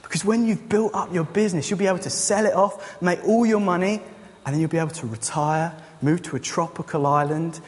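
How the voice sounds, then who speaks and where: An eager businessman, as a preacher puts him on, talks up a grand plan in a keen, selling voice. His voice sits raised and a bit high, with a long reverb from a church hall. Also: fairly even intonation, brisk, natural voice. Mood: eager, persuasive. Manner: enthusiastic sales pitch. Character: eager pushy male businessman on holiday.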